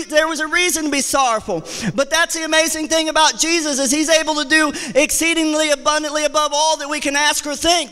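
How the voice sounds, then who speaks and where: A man preaching a sermon as associate pastor, with impassioned delivery that repeats phrases and rises to shouts. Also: very high-pitched. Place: church sanctuary. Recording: church hall reverb.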